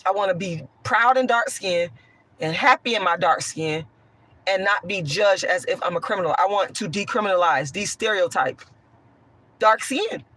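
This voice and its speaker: A woman with a hoarse voice, talking bluntly and profanely while answering chat on a livestream. She swings from a raised voice to soft talk. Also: medium pitch, expressive, moderate pace. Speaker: online commentator.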